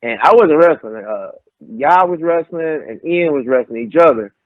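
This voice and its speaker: This young adult pro wrestler speaks a little high at a moderate pace, casually telling stories in an interview and animatedly acting out what others said. The line sounds tinny and phone-like, completely dry with no room sound.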